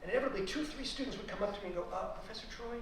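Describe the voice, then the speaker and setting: A middle-aged man from the United States with a New York accent, giving an animated storytelling talk to an audience as a guest historian. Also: high voice, rapid-fire, slight background noise. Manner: animated, storytelling with rising emphatic peaks. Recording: very echoey room, speaker far from mic.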